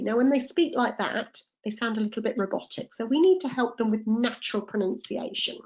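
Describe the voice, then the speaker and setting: A woman's voice: fairly high pitch, animated, normal speed, highs cut off. A woman, a tutor running a live online teacher-training lesson, explaining step by step and checking in with the group. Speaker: TEFL tutor.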